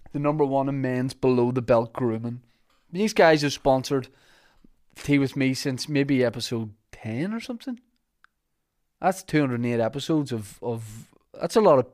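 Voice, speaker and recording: A Northern Irish man hosts a podcast in an easygoing, rambling way, full of fillers, restarts and jokes. His voice sits at an ordinary middle pitch for a man. He talks loosely, even when he reads out ads. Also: moderate pace. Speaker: podcast host. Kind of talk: casual podcast chat and sponsor reads.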